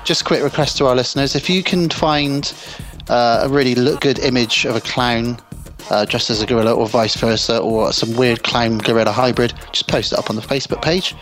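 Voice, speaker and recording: A man's voice: mid-range voice, steady tone, fairly quick, fairly bright tone, soft background music. A man hosting a podcast in casual, joking, rambling chat. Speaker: podcast host.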